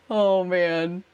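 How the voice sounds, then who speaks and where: A woman's voice: mid-range voice, clear, resonant tone, dull audio. Giggly woman streamer chatting while crafting. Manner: giggly, thanks viewers warmly, talks to herself while working. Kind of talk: casual live-stream chat while crafting.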